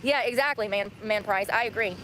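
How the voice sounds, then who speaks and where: A woman's voice: mid-range voice, a little fast, sharp tone, a little hiss or hum. A woman livestreaming herself, ranting in an indignant way and repeating herself as she tells her story.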